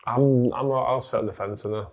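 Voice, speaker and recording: Scottish man, podcast co-host, animated football chat, mid-pitched voice, loose swearing. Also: moderate pace, gravelly. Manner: animated storyteller, swears freely.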